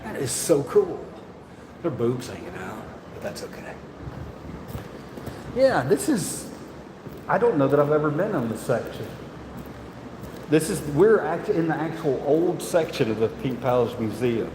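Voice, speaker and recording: A man's voice: on the high side, very animated, a little slow, long pauses, noisy background. A man, chatting and joking as he vlogs his walk through a museum on a handheld phone. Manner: chatty, joking, rambling, laughs often. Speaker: vlogger. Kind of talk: casual vlog walkthrough. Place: indoor museum halls. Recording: echoey museum rooms, faint ambience.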